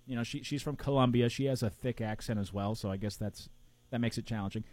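A man's voice: mid-range voice, fast talker, a little mellow, dry recording. A man co-hosting a casual chat show, rambling and hunting for names with plenty of fillers. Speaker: podcast co-host.

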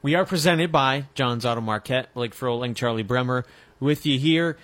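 A man's voice: mid-range voice, moderate pace, fairly bright tone. Dry-humored male sports radio host. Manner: patient, dry, steering the talk. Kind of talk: casual sports radio banter.

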